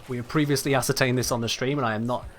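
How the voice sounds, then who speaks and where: A man's voice: medium pitch, fairly even intonation, very fast, slight background noise. Chatty man streaming a game. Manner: chatty, wry, reads out and answers chat. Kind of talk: casual livestream chat while gaming.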